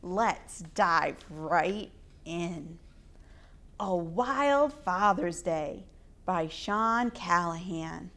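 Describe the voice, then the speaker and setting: A woman hosting storytime, reading picture books aloud to children in an expressive, sing-song way. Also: fairly low pitch, very slow. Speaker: storytime reader.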